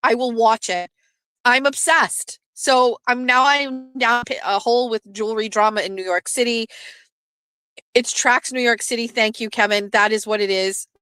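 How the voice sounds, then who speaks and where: A woman's voice: a little high, moderate pace, smooth, dry recording. A woman hosting a casual live stream, telling a story with swearing and acted-out quotes. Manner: animated, swearing, acts out quoted voices. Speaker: host.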